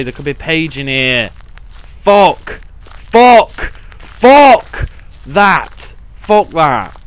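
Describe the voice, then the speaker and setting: A man's voice: high voice, fairly bright tone. A young man playing a horror game, swearing constantly and breaking into panicky outbursts. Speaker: gaming channel host. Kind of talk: let's play commentary.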